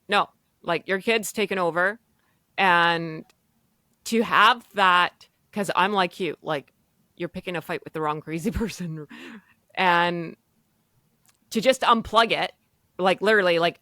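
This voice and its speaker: Podcast host, emphatic, bright tense voice, dry close sound. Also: medium pitch, measured pace, long pauses, no room sound. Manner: emphatic, conversational. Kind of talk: casual podcast conversation.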